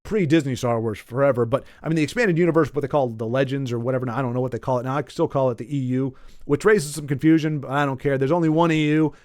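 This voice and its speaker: A man's voice: medium pitch, fairly even intonation, fast, a little mellow, no room sound, studio quality. A man hosting a comedy podcast, telling rambling stories with self-deprecating asides and lots of trailing off. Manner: pained yelps while wincing. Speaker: podcast host.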